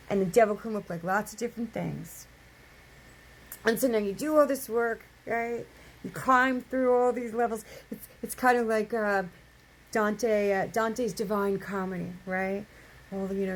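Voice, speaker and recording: A woman's voice: mid-range voice, slight background noise, poor audio. A woman giving an impassioned spiritual monologue, emphatic, often repeating words, swearing casually and asking "right?". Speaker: spiritual speaker.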